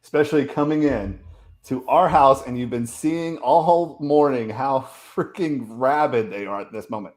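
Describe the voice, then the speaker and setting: Man, sports co-host, home room, passionate fan, casual picks talk, mid pitch. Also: moderate pace, darkish tone.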